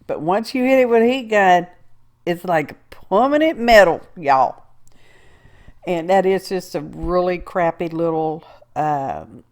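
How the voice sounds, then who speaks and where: A craft video host narrates a casual tutorial in a lowish, animated, darkish voice at an unhurried pace. She chats her way through the work, rambling with asides and talking to herself.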